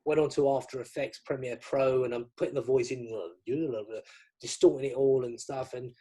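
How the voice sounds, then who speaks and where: A man's voice: mid-range voice, steady tone, moderate pace, warm tone, husky. A middle-aged man from the UK, a magician guest in an interview, chatting casually and acting out the dialogue in his stories. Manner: chatty, acts out quoted dialogue.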